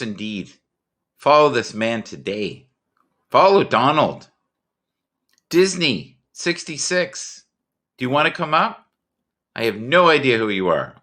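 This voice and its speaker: A man hosting a casual livestream chat, talking in a rambling, jokey, animated way. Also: medium pitch. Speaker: livestream host. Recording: home computer mic.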